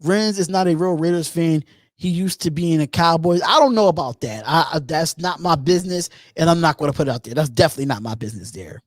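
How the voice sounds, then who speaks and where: A man's voice: fairly high pitch, expressive, quick pace, dry recording. A man from Philadelphia hosting a live call-in sports show, chatting loosely and animatedly, repeating himself as he reads and answers viewer comments. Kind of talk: casual live-stream chat.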